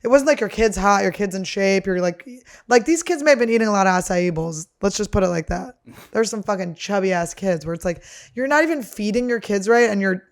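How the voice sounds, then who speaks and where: A woman's voice: medium pitch, animated, fairly quick. Crude, ranting woman podcast host. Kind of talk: casual comedic monologue.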